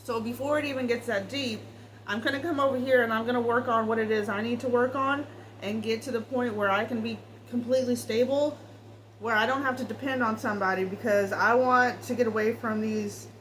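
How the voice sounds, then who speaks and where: A woman's voice: on the high side, fairly even intonation, brisk, a bit bright, a little hiss or hum, poor audio. A woman giving a casual tarot reading, talking straight to the viewer in a blunt, swearing way. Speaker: tarot reader.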